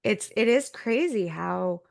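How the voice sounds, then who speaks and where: Unhurried woman co-host with a gravelly voice, recorded dry and close, casual storytelling. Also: medium pitch, expressive, no room sound. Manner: unhurried storytelling, trailing pauses. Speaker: podcast co-host. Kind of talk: casual chat.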